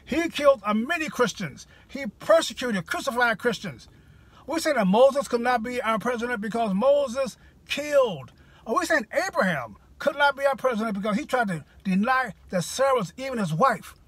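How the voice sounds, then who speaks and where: A man's voice: extremely high pitch, expressive, normal speed, fairly bright tone, husky, dry recording. A man giving a rousing, preachy political monologue straight to his viewers, full of rhetorical questions. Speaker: political commentator. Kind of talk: direct-to-camera political monologue.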